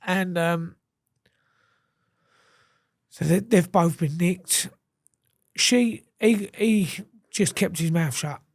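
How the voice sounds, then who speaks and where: A man's voice: high-pitched, very slow, pauses often, no echo. Male interview guest, blunt and sweary, acts out quoted lines, dry close sound. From England. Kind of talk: casual storytelling.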